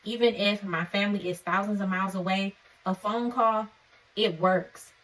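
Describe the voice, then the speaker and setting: A woman's voice: mid-range voice, fairly even intonation, normal speed, fairly bright tone. Earnest woman preaching from a distance. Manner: earnest, preacherly, punctuates points with "okay?"; conversational and informal. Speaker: faith vlogger. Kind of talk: encouraging devotional vlog talk.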